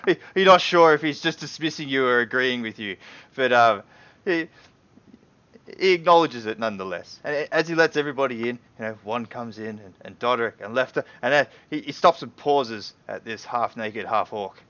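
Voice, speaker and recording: A man's voice: mid-range voice, expressive, moderate pace, a bit bright, muffled recording. A man narrating as game master in a loose, casual way, full of fillers and hedging words.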